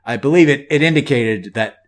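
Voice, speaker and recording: A man's voice: mid-range voice, animated, fairly quick. A man co-hosting a casual podcast, talking in a rambling way with wry asides and frequent restarts. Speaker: podcast co-host.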